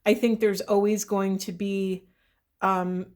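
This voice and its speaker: A middle-aged woman talks softly through a spiritual card reading to her viewers. Her voice sits at an ordinary pitch, and her talk is earnest and meandering, filled with pauses, "um"s and gentle "right?"s. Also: little pitch movement. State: voice shaking with emotion. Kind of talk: intuitive card reading to camera.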